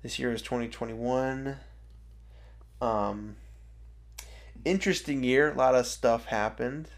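A man with a mid-pitched voice hosts a comedy podcast in a loose, easygoing way. He laughs often and trails into ums as he chats with his co-host. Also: slow pace, vocal fry. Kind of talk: casual comedic banter.

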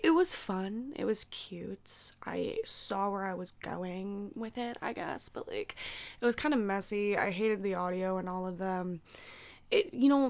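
A young woman chats alone on her own podcast while sick, her voice a bit throaty. She rambles casually, swears freely and fills her sentences with "like". She laughs easily at her own tangents. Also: mid-range voice. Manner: laughs and squeals at herself. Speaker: podcast host. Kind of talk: casual solo podcast chat.

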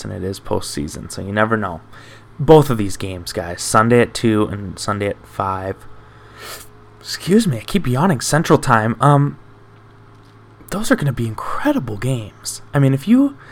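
A man's voice: fairly low pitch, creaky. A young man hosting a sports show, chatting casually and rambling with self-deprecating asides. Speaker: sports podcast host.

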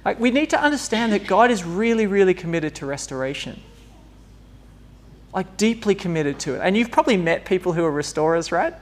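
A man's voice: sits high, very animated, fairly quick. A man giving an informal, conversational sermon, laughing often and acting out bits of dialogue. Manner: chatty, laughing asides, acts out dialogue. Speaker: preacher.

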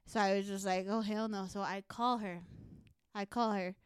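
A young woman co-hosting a podcast, telling stories in a profane, animated, casual way. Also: medium pitch, normal speed, clean tone, no echo, studio quality. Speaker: podcast co-host. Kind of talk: casual chat.

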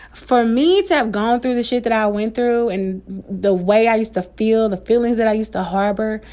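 A woman's voice: on the high side, normal speed, darkish tone. A woman in her thirties with an African American Vernacular English accent, hosting her own podcast in a candid, emotional monologue, swearing freely and laughing often. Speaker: podcast host. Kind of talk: casual personal podcast monologue.

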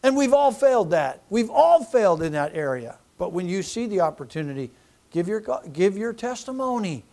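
A middle-aged pastor with a high voice preaches in a loose, folksy way. He rambles, restarts his sentences and chuckles through his stories. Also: big pitch swings, moderate pace, mellow. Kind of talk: sermon with personal storytelling.

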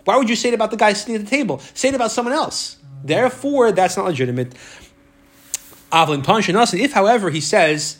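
A man's voice: high voice, animated, fast. Man teaching a Talmud class. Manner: explains step by step, repeats words, restarts often. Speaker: Torah teacher.

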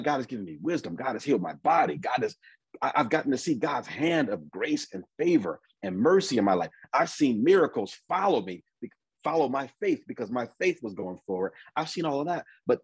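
A man preaching a conversational sermon, often repeating and restarting his words and reading scripture slowly. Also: mid-range voice, darkish tone, slightly rough, no echo, rough recording.

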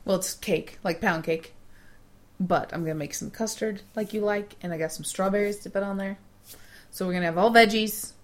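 A woman co-hosting a podcast, chatting casually and giving advice, animated and quick to laugh. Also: mid-range voice. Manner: chatty, laughs often, animated when making a point. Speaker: podcast co-host.

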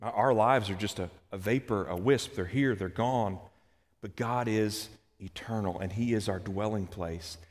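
A man preaching a sermon, swinging between hushed, slow scripture reading and loud, urgent outbursts. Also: fairly low pitch, big-room sound. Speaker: pastor.

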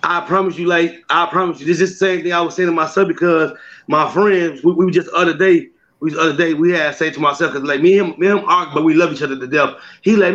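A man with a high, bright voice tells stories in a relaxed interview, acting out the voices he quotes and laughing often. The recording is slightly muffled and lo-fi. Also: quick pace. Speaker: comedian and skit maker. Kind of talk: casual interview.

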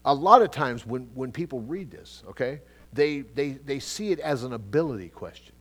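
Middle-aged pastor guy preaching, chatty, gets loud then drops low, lots of restarts. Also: moderate pace. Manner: conversational preaching with frequent asides and repetitions; animated, swings between loud emphatic bursts and quiet low asides. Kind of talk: sermon, Bible teaching.

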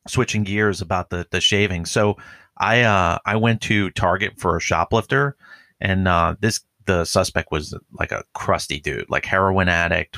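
Deep and sharp-toned, with no room sound, this man is a police officer chatting on a podcast. His talk is loose and profane, wandering along with constant "like" and "dude."

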